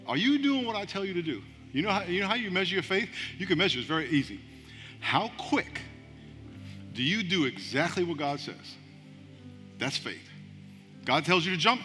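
A man preaching as a pastor, moving between hushed urging and loud rousing calls to the congregation. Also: high voice. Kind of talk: sermon with altar call. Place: large church hall. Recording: music behind, long hall reverb.

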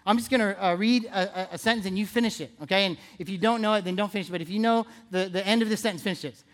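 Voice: medium pitch, very fast. A pastor giving a casual, playful sermon in a church, talking like a friend across the table. This preacher teases the crowd with questions and hammers home key lines by saying them twice. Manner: conversational, playful, asks the audience questions; repeats phrases for emphasis.

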